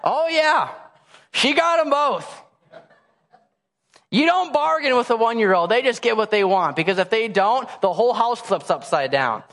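A man's extremely high, fairly bright voice with lively intonation and normal speed belongs to a pastor in his thirties giving a sermon. Standing before the congregation in a church hall that echoes with long reverb, he playfully teases himself while telling family stories and imitating his baby's and toddler's demands.

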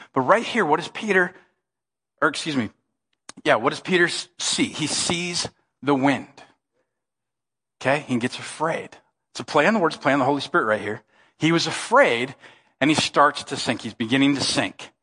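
Male pastor, high bright voice, husky edge, emphatic sermon, long church-hall reverb. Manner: animated, emphatic preaching with quoted voices. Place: church sanctuary.

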